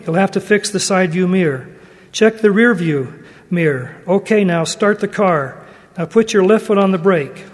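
A man reading a weak, calm old grandfather. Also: sits high. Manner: weak, slow, reassuring instructions. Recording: long hall reverb.

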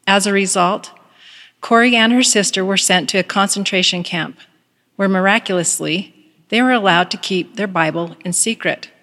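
A woman giving a calm, earnest devotional talk at the start of a semester and reading a story aloud. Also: medium pitch, normal speed, big-room sound. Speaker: devotional speaker.

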